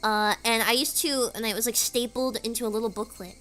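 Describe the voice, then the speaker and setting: Chatty higher-voiced woman streamer. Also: a little fast, sharp tone. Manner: rambling, filler-heavy storytelling. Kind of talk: casual stream chat.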